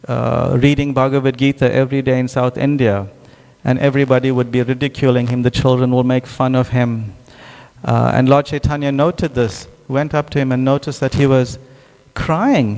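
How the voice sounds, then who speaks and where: A man's voice: medium pitch, gravelly, darkish tone. A man giving a devotional scripture class, telling stories with many restarts and asides, recorded with a long hall reverb. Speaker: class speaker.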